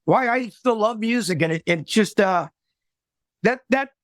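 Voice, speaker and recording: A man, a musician, telling a moving story in an interview, earnest, halting, with many restarts, choked up near tears. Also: high-pitched, animated, no echo. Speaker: musician guest.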